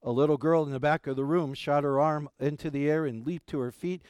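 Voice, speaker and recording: A man's voice: a little high, a little fast, clear, resonant tone, no echo, clean studio sound. Folksy man preaching an Easter sermon. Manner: folksy, animated storytelling with jokes; gentle, soft-spoken prayer. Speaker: pastor.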